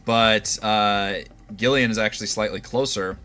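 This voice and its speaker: A man running a tabletop game as dungeon master, easygoing and quick to laugh. His voice sits fairly low but has a bright, forward edge. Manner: relaxed, laughing often.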